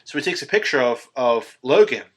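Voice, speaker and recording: A man talking through a movie with a friend on a podcast. He has a bright, forceful tone and swears freely. He jumps into loud acted-out quotes, then drops back into easy chatter. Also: medium pitch, a little fast. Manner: animated, profane, acts out quotes loudly. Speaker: podcast co-host. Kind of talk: casual film discussion.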